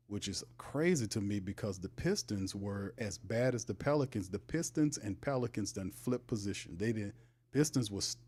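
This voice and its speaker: Male sports streamer, low voice, casual and teasing, animated, laughs a lot. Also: breathy edge. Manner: animated, teasing, laughs often, talks to chat. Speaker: sports show host. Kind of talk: casual livestream commentary.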